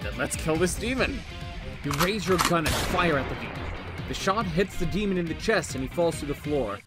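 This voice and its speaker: A man streaming himself reading an AI text adventure aloud, with animated comic asides. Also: fairly high pitch, a little fast, loud music behind the voice. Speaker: streamer reading an AI story game.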